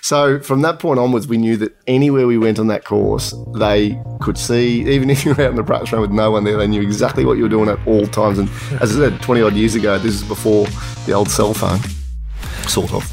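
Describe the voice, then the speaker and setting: A man's voice: lowish voice, steady tone, fairly quick, creaky, music in the background. A man, co-hosting a podcast and telling a story in a rambling way, with restarts and fillers. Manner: rambling, many restarts and fillers, chuckles through stories. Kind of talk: casual storytelling chat.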